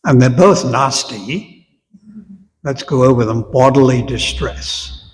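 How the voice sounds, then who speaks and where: Male teacher, measured and slow, lecturing a congregation in a hall with a long echo. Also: medium pitch. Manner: unhurried, conversational, asks the audience questions. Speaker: visiting spiritual teacher. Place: temple hall with long reverb.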